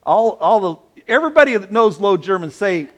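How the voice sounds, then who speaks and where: A man preaching a sermon, playful and animated, drawing answers from his congregation. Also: high-pitched, normal speed. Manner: animated, playful, asks the audience questions. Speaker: pastor.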